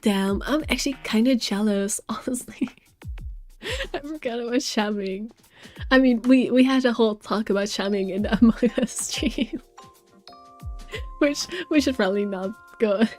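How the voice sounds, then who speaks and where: A woman's voice: a little high, normal speed, darkish tone, soft background music. A woman live-streaming a game, chatting casually with her viewers and reading game text aloud. She is chatty and giggly and trips over her words.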